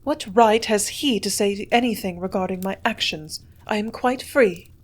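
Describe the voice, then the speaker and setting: A woman's voice: medium pitch, moderate pace, natural voice. A woman reading as an aloof young society lady. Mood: dismissive. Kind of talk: audiobook character reading.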